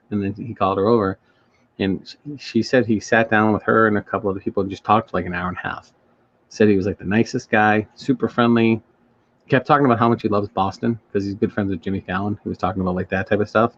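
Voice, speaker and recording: A man's voice: lowish voice, steady tone, quick pace. A married man co-hosting a casual podcast, telling rambling stories in a laid-back way. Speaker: podcast co-host. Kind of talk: casual chat. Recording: dull lo-fi sound.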